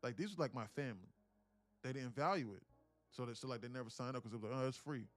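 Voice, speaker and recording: A young man hosting a live day-trading stream, talking casually and telling stories in animated, profane slang. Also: medium pitch, fast talker, faint music behind. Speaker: day-trading livestream host.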